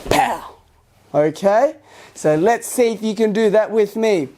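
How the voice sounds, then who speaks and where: A woman from Australia teaching a kids karate class, upbeat and encouraging, with loud karate shouts between instructions. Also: mid-range voice, a little slow. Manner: upbeat, encouraging, talking to young children. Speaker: martial arts instructor.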